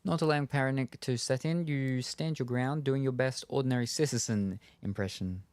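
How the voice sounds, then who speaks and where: A man's voice: mid-range voice, normal speed, clean tone, no room sound. Give me a man reading a game's story aloud. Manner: steady narration with casual asides. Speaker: game streamer. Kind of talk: reading game text aloud.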